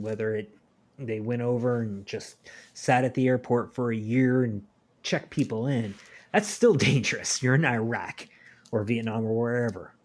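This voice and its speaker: A man co-hosting a podcast, talking earnestly and at length, voice sinking quietly at the ends of thoughts. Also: on the low side. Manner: earnest, preachy, trails off quietly. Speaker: podcast co-host. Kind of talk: casual podcast discussion.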